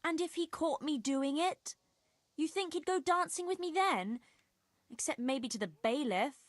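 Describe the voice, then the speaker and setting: An actress voicing a lovesick young village girl in a video game, talking slowly and wistfully. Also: high voice, lively intonation, dry recording, studio quality. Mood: dreamy. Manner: slow, wistful storytelling.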